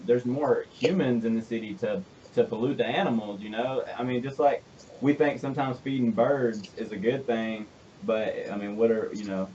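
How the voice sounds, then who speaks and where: Excitable Southern man hosting. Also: on the low side, recorded from a distance, highs cut off, slight background noise. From Alabama. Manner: laughs often, rambling and excitable. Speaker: radio show host. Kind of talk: casual interview chat.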